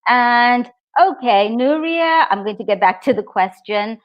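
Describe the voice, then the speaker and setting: A woman's voice: fairly high pitch, animated, a little slow. A woman teaching a live online English exam lesson, upbeat and encouraging as she talks to her viewers. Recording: dull lo-fi stream audio.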